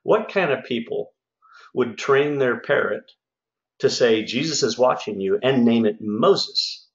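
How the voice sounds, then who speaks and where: A man's voice: mid-range voice, lively intonation, measured pace. Startled burglar, as a man tells a joke. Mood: incredulous. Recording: echoey, slightly dull.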